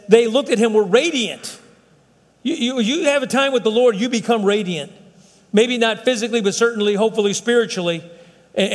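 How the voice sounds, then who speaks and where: A man's voice: sits high, long reverb tail. A man preaching a sermon as pastor, in a folksy, conversational way with frequent restarts.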